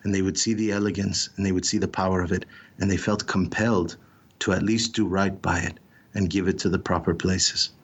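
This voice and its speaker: A man speaks in a deep, low register as he tells a story. His delivery is intense and dramatic, with frequent pauses and "uh" fillers between phrases. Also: flat delivery, breathy edge, highs cut off. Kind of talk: reflective storytelling talk.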